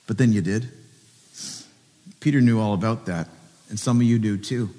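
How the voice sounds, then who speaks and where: A man's voice: lowish voice, normal speed, long pauses, dark tone, big-room sound. A pastor preaching a sermon at a church service, earnestly asking his listeners direct questions.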